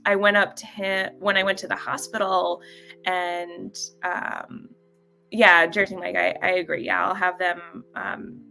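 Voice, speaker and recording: Bright-voiced woman chatting on a live stream. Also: fairly low pitch, flat delivery, gravelly, soft background music. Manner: halting, with many fillers and frequent laughs. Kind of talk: casual live-stream chat, greeting viewers.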